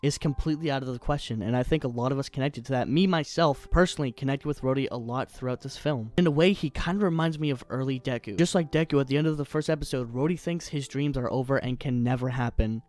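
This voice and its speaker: A man's voice: medium pitch, darkish tone, no room sound. A young man giving a casual, slangy film review, sometimes tripping over his words. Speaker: YouTube movie reviewer. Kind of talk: casual movie review monologue.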